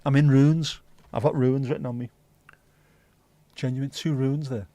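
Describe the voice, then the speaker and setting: A man's voice: medium pitch, fairly even intonation, a little slow, no room sound. Sweary rambling man. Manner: answers chat comments out loud. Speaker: livestream host. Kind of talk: casual chat with a live audience.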